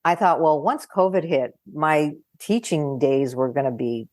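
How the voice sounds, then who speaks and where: An older woman psychologist chatting over a video call, telling animated stories, acting out quoted voices and laughing often. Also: low voice, measured pace, no echo, studio quality. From California. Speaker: guest psychologist. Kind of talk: casual conversation.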